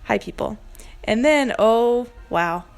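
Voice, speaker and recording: A woman's voice: a little high, expressive, takes it slowly, clear, resonant tone, soft background music. An American woman narrating her cooking video in a casual voiceover, joking at her own mistakes. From United States. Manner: self-mocking, joking. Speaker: cooking vlogger. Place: home kitchen, recorded voiceover.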